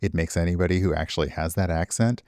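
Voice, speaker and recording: A man's voice: low-pitched, quick pace, darkish tone, no room sound, clean studio sound. A middle-aged man streaming, chatting with viewers in a rambling, self-deprecating way. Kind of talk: casual stream chat.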